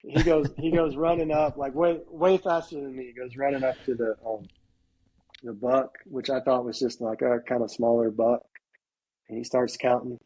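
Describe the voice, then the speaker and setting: A middle-aged man on a podcast tells a hunting story in a casual, animated way, acting out what each person said. His voice is mellow and dark, with a husky edge. He keeps filling his sentences with "like" as he goes. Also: medium pitch, moderate pace, dull audio. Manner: animated storyteller, acts out quotes, heavy use of "like". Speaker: podcast guest.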